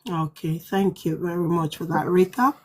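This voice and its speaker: Animated Nigerian woman telling stories. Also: on the low side, moderate pace. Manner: animated, laughing, acts out voices in stories. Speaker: host of live talk show. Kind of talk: live-stream chat, storytelling.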